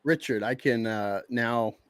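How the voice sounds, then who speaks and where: A man's voice: medium pitch, unhurried, clear, resonant tone, dry recording. A man hosting a comic review panel, joking and laughing often in casual chat.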